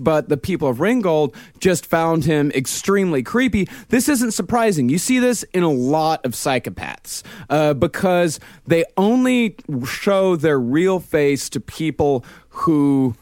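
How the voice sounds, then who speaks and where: A man's voice: fairly high pitch, animated, unhurried, few pauses, darkish tone, no room sound. Man telling a true crime story, dry close sound. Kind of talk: casual storytelling chat.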